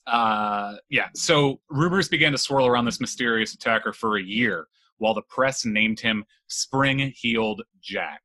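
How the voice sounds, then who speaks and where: A man's voice: mid-range voice, measured pace, bright, forceful tone, no echo. A man hosting a casual chat, telling a spooky legend with jokes and swearing. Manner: joking, swears freely, laughs while telling. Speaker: podcast host telling a legend.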